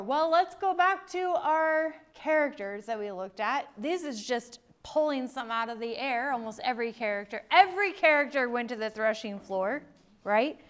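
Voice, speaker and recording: A middle-aged woman teaching a Bible sermon, emphatic, swinging between loud declarations and hushed lines. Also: high-pitched, lively intonation, normal speed.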